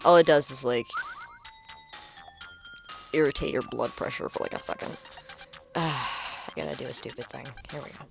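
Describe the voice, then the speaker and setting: Brief: woman let's-play host, low and very animated, excitable and foul-mouthed, game music behind. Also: measured pace, gravelly, pauses often. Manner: excitable, swears loudly, rambling asides. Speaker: gaming channel host. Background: video game music.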